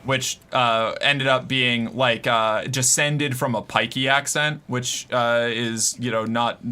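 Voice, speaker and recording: Bright-voiced joking male streamer. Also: mid-range voice, steady tone, takes it slowly, clean tone. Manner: loose and joking, swears, laughs often. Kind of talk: casual live-stream commentary.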